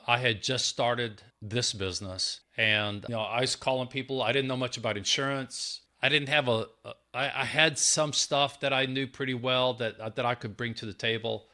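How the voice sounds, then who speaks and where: A man hosting a sales podcast, telling a personal story in a chatty, animated way and often repeating his words. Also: mid-range voice. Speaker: podcast host. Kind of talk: casual interview chat.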